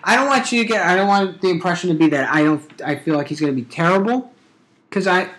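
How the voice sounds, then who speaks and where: A man's voice: high-pitched, quick pace, roomy sound. A man in casual chat, rambling and swearing often as he makes his points. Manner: profane, rambling, animated.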